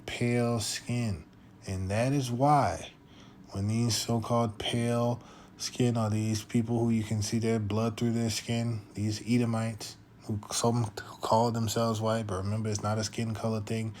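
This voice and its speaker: A man's voice: lowish voice, little pitch movement, a little slow, darkish tone, slight background noise. A man giving a scripture lesson, reading verses aloud and often checking in with "okay?" and "all right?". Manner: reads verses aloud in older biblical wording. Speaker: religious teacher. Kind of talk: scripture teaching.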